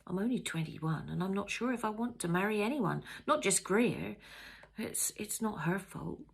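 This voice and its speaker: A woman reading aloud, voicing a nervous young man who speaks quietly and hesitantly in a husky voice. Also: medium pitch, expressive, moderate pace, pitched above the performer's own voice. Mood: anxious. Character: young man, nervous groom, soft-spoken.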